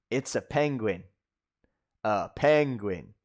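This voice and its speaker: Guy doing a kids english class, super slow and sing-songy, repeats every word. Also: medium pitch, animated. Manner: slow, drawn-out repetition with playful animal noises. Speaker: English teacher. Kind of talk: children's ESL vocabulary lesson.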